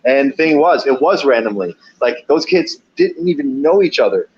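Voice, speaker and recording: A man's voice: medium pitch, lively intonation, moderate pace. A man telling wild delivery-job stories in a loose, profane, rambling way, laughing often and acting out what people said. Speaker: podcast guest, pizza delivery driver. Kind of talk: casual storytelling. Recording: dull lo-fi audio.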